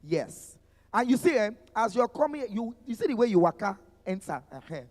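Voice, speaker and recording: The emcee is a man with a Nigerian accent who teases and hypes panel guests at a live expo in a playful sing-song fashion. His high, darkish voice swings widely in pitch at a normal speed. The room sounds big, with music behind him on stage.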